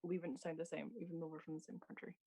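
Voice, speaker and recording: A woman's voice: low-pitched, flat delivery, quick pace, mellow. A Scottish woman chatting casually with blunt, dry humor. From Scotland. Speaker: cosplay livestream co-host. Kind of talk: casual chat.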